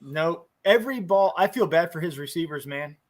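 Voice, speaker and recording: A man's voice: a little high, lively intonation, normal speed, slight background noise. A man co-hosting a college football podcast, arguing his picks in casual sports chat. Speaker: podcast co-host.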